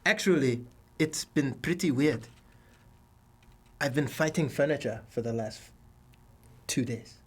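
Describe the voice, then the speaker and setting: A man's voice: medium pitch, unhurried, long pauses, slightly rough. A man in a tabletop role-play speaking in character, stiff and formal with a cool, detached manner. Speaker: player.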